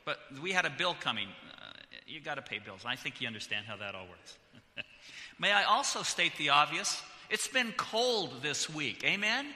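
A man's voice: a little high, lively intonation, moderate pace, bright, forceful tone. A middle-aged pastor from California, making chatty, joking announcements with many restarts before his sermon. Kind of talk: church announcements and sermon opening. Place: church sanctuary. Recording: church hall reverb.

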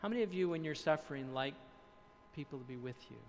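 A man preaching a sermon, reading quotes aloud, then explaining them with dramatic pauses and hushed emphasis. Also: on the high side, lively intonation, in a large hall, a little hiss or hum.

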